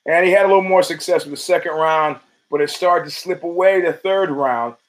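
On his podcast, this man rambles through profane, casual stories, breaking into emphatic bursts and often starting over. He talks briskly in a fairly high voice, and the audio is poor.

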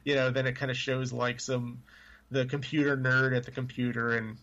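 A man's voice: medium pitch, level tone, moderate pace, fairly bright tone, lo-fi sound. A man co-hosting a casual movie chat, rambling with lots of fillers. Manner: rambling, full of fillers and hedges. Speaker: podcast co-host.

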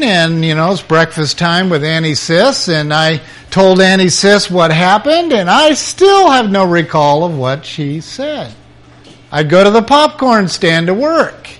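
A man's voice: high-pitched, a bit bright. An older man, a preacher, telling his personal testimony as a dramatic storyteller whose voice rises at the intense moments.

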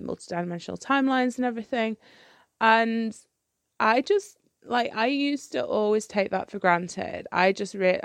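A woman's voice: mid-range voice, gravelly, no echo, clean studio sound. A woman hosting her own podcast, talking candidly and rambling with plenty of fillers and restarts. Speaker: podcast host. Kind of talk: candid solo podcast chat.

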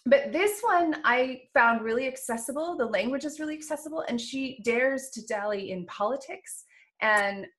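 A woman's voice: high-pitched, expressive, normal speed, a bit bright. A woman podcast host chatting casually about books she has read, laughing easily.

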